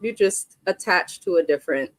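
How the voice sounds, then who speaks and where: A woman's voice: lowish voice, animated, normal speed, dry recording. Young woman doing a live reality tv recap, blunt and candid, dry close sound. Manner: blunt, candid, chatty with frequent asides. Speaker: reality TV reviewer hosting a live stream. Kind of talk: casual live recap and commentary.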